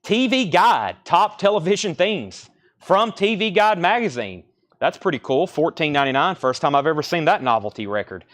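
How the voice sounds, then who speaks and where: A man hosting a live-streamed record sale, listing records and prices in rapid, brisk sales patter. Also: fairly high pitch, expressive, a bit bright. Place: record store.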